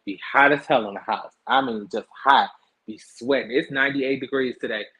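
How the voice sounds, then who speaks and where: A man hosting a casual celebrity gossip show, talking in a sassy, animated way full of slang. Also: medium pitch, moderate pace, husky. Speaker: host.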